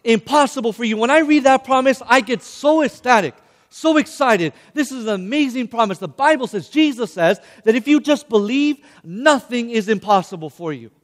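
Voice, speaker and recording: A young man delivers a lively sermon in a high, light voice, pressing his listeners to answer him. His words ring out with a long reverb from the large hall he preaches in. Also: moderate pace. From Hispanic background. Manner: animated, calls on the audience to respond.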